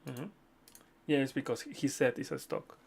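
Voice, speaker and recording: Gravelly-voiced man hosting a live chart stream. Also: mid-range voice, level tone, moderate pace, darkish tone. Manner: chatty, repeats okay, addresses viewers as friends. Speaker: livestream host reading viewer chart requests. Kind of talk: casual live chart analysis.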